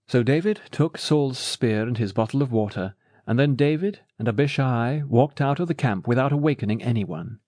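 A man narrating a Bible story in a steady, measured reading. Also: medium pitch, dry recording, clean studio sound.

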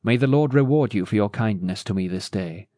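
A man's voice: lowish voice, fairly quick, mellow, dry recording, clean studio sound, lightly acted. A man voicing a remorseful aging king in a Bible storybook, sorrowful and humbled.

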